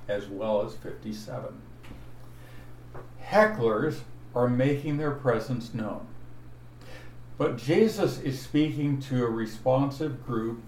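A man preaching an expository Bible sermon, teaching slowly and deliberately and stressing each verse he points to. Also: mid-range voice, a little mellow. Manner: slow, deliberate teaching with emphatic verse references. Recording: echoey room, voice from afar, faint noise.

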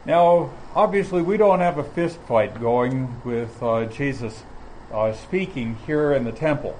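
A man teaching from the Bible in a measured, explanatory way, often pausing mid-phrase. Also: mid-range voice, a little mellow, a little hiss or hum, rough recording. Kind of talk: sermon.

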